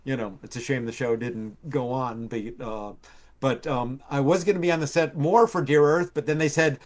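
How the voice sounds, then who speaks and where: A man's voice: mid-range voice, fairly even intonation, normal speed. An older man, a TV writer, telling rambling stories on a live stream, full of fillers and acted-out quotes. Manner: rambling storyteller with many fillers, acts out quoted voices. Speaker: TV writer and producer guest. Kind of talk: casual anecdote telling. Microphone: live stream call.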